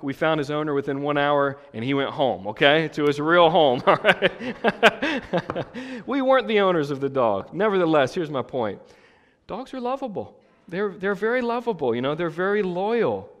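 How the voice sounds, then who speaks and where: A male pastor with a slightly high voice delivers a chatty, humorous sermon. He keeps asking the audience "right?". His voice rings out in a big church hall with a long reverb tail. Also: big pitch swings, moderate pace, fairly bright tone, highs cut off. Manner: conversational and joking, frequent checks with the audience. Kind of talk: sermon with personal stories.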